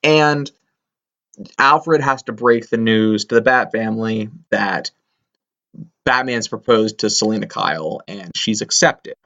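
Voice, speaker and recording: A man's voice: fairly low pitch, unhurried, a bit bright. A man co-hosting a comic book podcast, rambling enthusiastically with lots of fillers. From Pennsylvania, US. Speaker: podcast co-host. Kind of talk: casual chat. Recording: dull lo-fi sound.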